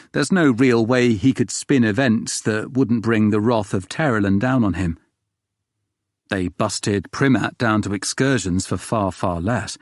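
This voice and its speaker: Low-voiced male audiobook narrator. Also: no echo, studio quality. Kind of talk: scripted first-person narration.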